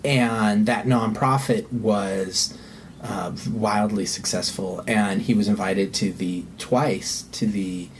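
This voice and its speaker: A man who is a podcast guest, telling a candid personal story in an earnest, halting way and swearing when heated. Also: lowish voice, fairly even intonation, slight background noise.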